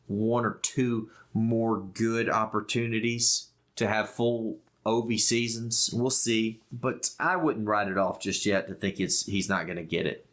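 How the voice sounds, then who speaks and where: Low-voiced man, joking sports podcast co-host. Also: fairly even intonation, a bit bright. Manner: joking, quick analytical. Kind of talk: casual sports chat. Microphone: headphones and podcast mic.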